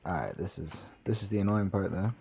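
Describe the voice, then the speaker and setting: A man's voice: low-pitched, fast, gravelly, mellow, slight background noise. A young man chatting casually on a live stream, swearing now and then as he sets up his audio.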